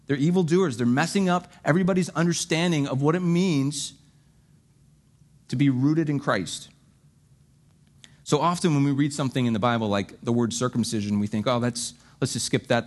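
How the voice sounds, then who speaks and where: A man preaching a sermon, reading scripture and explaining it conversationally with joking asides. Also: medium pitch. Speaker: pastor.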